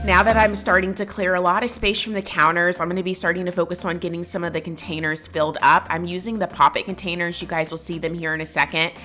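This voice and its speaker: A woman's voice: fairly low pitch, little pitch movement, fast, hardly any pauses, pushed and bright, faint music behind. A young woman vlogging at home, chatting casually in an upbeat way as she narrates her pantry clean-out and opens a box of dog toys. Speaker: lifestyle vlogger.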